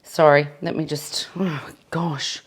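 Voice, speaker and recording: Australian woman, lowish voice, friendly cookalong host in a home kitchen, chatty, laughs at herself. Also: fairly even intonation, takes it slowly, breathy edge. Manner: chatty and self-deprecating, laughs at her own mess. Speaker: cooking demonstrator. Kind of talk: live cookalong demonstration.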